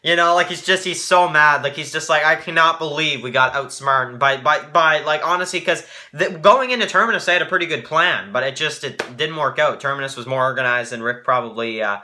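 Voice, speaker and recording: A man with a very bright, slightly high voice, talking loosely through a TV recap. He rambles with many fillers and restarts. He slips into quick impressions of the characters' lines. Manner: rambling, heavy fillers, acts out quoted lines. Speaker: TV show reviewer. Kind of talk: casual recap monologue.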